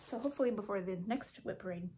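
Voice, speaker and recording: At home in her craft room, a woman shows off her cross stitch projects in a casual vlog, chatting and rambling, correcting herself with frequent ums. She talks fast in a mellow, medium-pitched voice, with a little hiss or hum.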